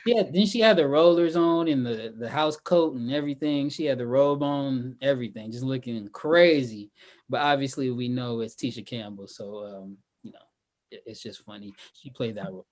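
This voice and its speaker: A man co-hosting a podcast, chatting casually about a movie and acting out its lines in an animated way. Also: medium pitch, normal speed. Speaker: podcast co-host.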